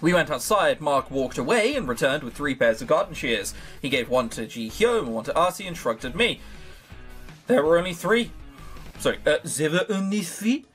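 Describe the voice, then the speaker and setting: Animated man joking through a game. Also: a little high, moderate pace, faint music behind. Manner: sarcastic, swears casually, jokes to himself. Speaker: let's play host. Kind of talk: reading a visual novel aloud with joking commentary.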